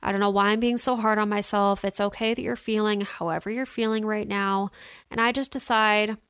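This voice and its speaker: A young woman talks through her week in a casual vlog, candid and chatty, full of fillers. Her voice is smooth and resonant. The sound is close and dry, with no room around it. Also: mid-range voice, steady tone, a little fast, a bit bright, no echo. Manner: chatty, candid, lots of "like" and "you know" fillers. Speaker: vlogger. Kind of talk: casual personal storytelling.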